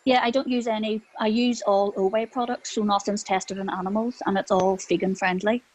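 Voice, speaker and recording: A woman's voice: medium pitch, flat delivery, fairly quick, low-quality recording. A young woman with a Belfast accent, a salon owner who talks in a friendly, slightly hesitant way and laughs easily. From Northern Ireland. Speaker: salon owner asking questions.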